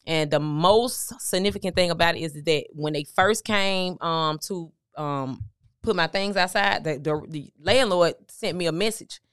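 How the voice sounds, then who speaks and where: A woman's voice: fairly low pitch, unhurried, a bit bright, clean tone, dry recording, clean studio sound. A middle-aged woman, a guest on an interview show, candidly recounting a personal story and quoting what people said. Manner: conversational, recounting with quoted dialogue. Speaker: guest, motivational speaker.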